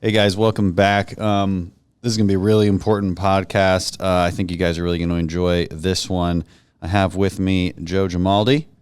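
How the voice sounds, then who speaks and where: A man's voice: low voice, normal speed, clean tone, no room sound. A man hosting a podcast interview, chatting casually and jokingly with plenty of fillers. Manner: relaxed, joking, many fillers. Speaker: podcast host, congressman.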